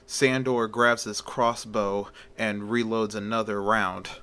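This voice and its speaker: A man's voice: on the low side, flat delivery, slow, very noisy. A man casually retelling a film story as a storyteller, chatty and plain, opening many sentences with "well".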